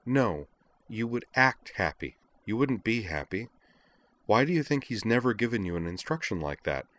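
A man voicing an angry young woman who scolds and confronts her friend, raising pitch for her lines. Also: sing-song, moderate pace, a bit bright. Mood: scolding. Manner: heated, scolding.

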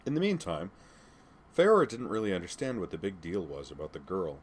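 A man narrating a fan fiction story in a steady, measured reading. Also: deep voice, husky. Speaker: audiobook narrator.

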